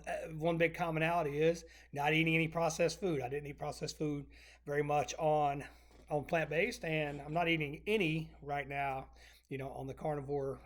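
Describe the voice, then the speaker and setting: A middle-aged man chatting casually to camera from his home exercise room, rambling, restarting phrases and clearing his throat. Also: fairly high pitch. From North Texas. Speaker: vlogger.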